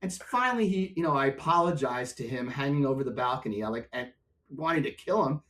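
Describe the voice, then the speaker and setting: An older man, a music and software executive, telling stories as a podcast guest and acting out other people's voices. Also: medium pitch, a little fast. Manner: animated storyteller, acts out voices in anecdotes. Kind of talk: storytelling in a podcast interview.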